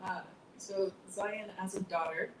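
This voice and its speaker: A woman singer-songwriter as an interview guest, talking softly and thoughtfully, sometimes almost whispering. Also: medium pitch, fairly even intonation, measured pace, recorded from a distance. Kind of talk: casual interview chat. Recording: echoey room from off-mic, noisy background.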